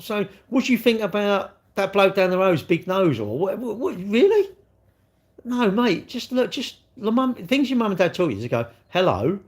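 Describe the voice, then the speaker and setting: A man with a British accent hosting a casual livestream, answering chat comments in a blunt, rambling way. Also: sits high. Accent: British English.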